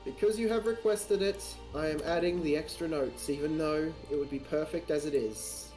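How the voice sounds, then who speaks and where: A man's voice: fairly high pitch, normal speed, over music. A man streaming a game live, chatting casually, playful and teasing, laughing often.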